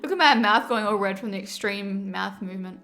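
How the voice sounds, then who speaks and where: A woman chatting casually on a livestream, animated and quick to laugh. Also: mid-range voice, soft background music. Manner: chatty, giggly, animated storyteller.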